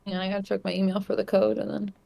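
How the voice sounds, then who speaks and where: Woman player talking fast, brisk and kinda bossy. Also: medium pitch, level tone, creaky, warm tone. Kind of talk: casual chat.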